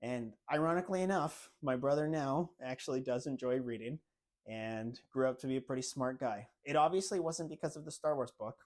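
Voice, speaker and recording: A man in his thirties hosting a podcast, telling a family story in a relaxed, animated way. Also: medium pitch, brisk. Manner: animated storyteller, acts out family members' lines. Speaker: podcast host. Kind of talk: casual storytelling monologue.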